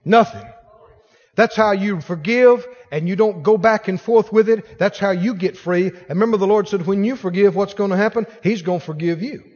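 A man's voice: high voice, brisk, hardly any pauses, big-room sound, lo-fi sound. A man preaching a sermon as pastor, acting out the voices of the people in his stories. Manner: animated preaching, acts out quoted voices.

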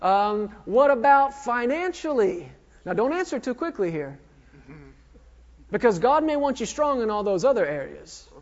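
A man's voice: very high-pitched, very animated, moderate pace. A man in his thirties preaching a sermon, firing emphatic questions at the congregation. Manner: emphatic call-and-response questioning. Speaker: pastor. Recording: dull lo-fi recording with long hall reverb.

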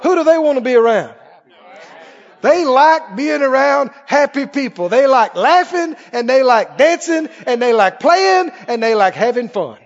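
A man preaching a sermon to a congregation, animated, laughing often and asking them questions. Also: extremely high pitch, unhurried, lo-fi sound.

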